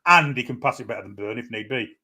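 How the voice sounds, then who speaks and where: A man's voice: medium pitch, animated, fast, crowd noise. A brash man argues football tactics on a casual podcast, swearing casually as he talks. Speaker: podcast co-host. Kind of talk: casual fan podcast chat.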